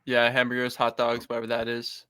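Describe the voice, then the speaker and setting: A man's voice: mid-range voice, completely flat delivery, brisk, sharp tone, smooth. A young man co-hosting a podcast, joking around in slangy casual chat. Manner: jokey, laughs easily, slangy. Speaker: podcast co-host.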